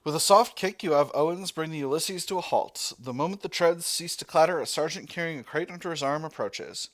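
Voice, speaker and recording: A man with a slightly high voice reads a text adventure game aloud, narrating each scene in turn. He drifts into loose, rambling asides and corrects himself as he goes. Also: brisk.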